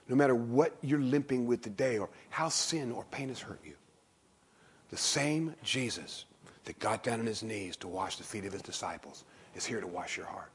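A man preaching a sermon as pastor in a church, in an emphatic, animated way. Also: medium pitch, vocal fry, husky. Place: church stage.

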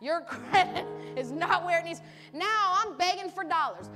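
High-voiced woman preaching over music. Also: normal speed, long reverb tail. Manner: animated, acts out pleading voices, laughs often. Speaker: pastor. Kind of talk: sermon. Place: church service.

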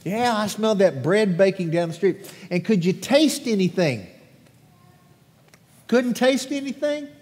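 A pastor reading scripture and then leading a lively children's sermon, questioning the congregation with animated energy. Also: male voice, high-pitched, unhurried. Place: church sanctuary. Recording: long echo of a large church hall.

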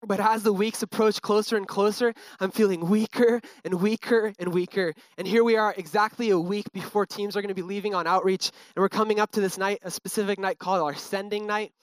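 A man's voice: sits high, fairly even intonation, a little fast, hardly any pauses, dry recording. A young man giving an earnest, casual personal testimony, full of fillers. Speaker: speaker sharing a testimony.

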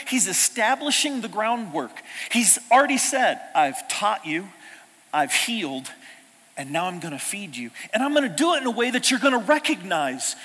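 A man delivers a sermon with a high, bright voice that climbs and drops all over the place. He swings from loud exclamations to hushed, intimate asides. The sound carries the long reverb of a large hall. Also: slightly rough. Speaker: pastor.

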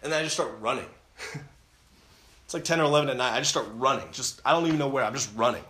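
A man with a fast, pushed, bright medium-pitched voice gives an earnest personal testimony as a camp speaker, in a room with noticeable echo. He retells his story with many restarts and repeated phrases.

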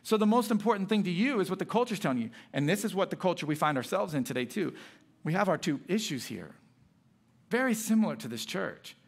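A man's voice: high-pitched, animated, brisk. A young adult man, a pastor, preaching a sermon with earnest emphasis and reading scripture aloud.

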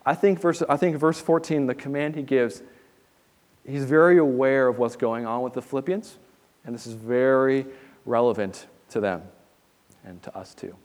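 A man's voice: mid-range voice, moderate pace, darkish tone. Earnest male pastor in a reverberant hall. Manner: earnest, conversational preaching with frequent restarts. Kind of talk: expository sermon. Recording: long reverb in a large hall.

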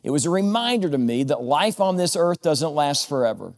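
A man's voice: a little high, sing-song, a little fast. Man preaching a conversational sermon. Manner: conversational preaching with jokes and a personal story. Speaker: pastor.

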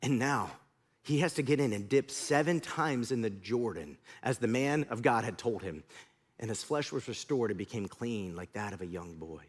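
Animated storytelling male preacher. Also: medium pitch, moderate pace, husky. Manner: animated storytelling, swinging from loud to hushed. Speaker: pastor. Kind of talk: sermon.

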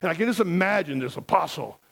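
Gravelly, animated male preacher. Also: high-pitched, quick pace. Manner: emphatic, conversational, asks the congregation questions. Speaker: pastor. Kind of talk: sermon.

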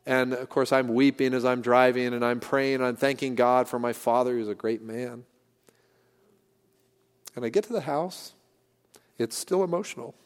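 A middle-aged man delivers a sermon in a church at an ordinary, middle pitch for a man. He talks earnestly and conversationally, pausing and restarting as he goes. His voice trails off into a long hall reverb. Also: clear, resonant tone. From San Francisco Bay Area, California. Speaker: pastor. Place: church sanctuary.

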